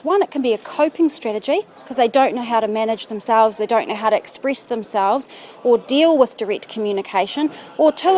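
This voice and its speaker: A woman giving calm, earnest, encouraging self-help advice straight to camera. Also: fairly high pitch, a little hiss or hum. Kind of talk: direct-to-camera advice talk.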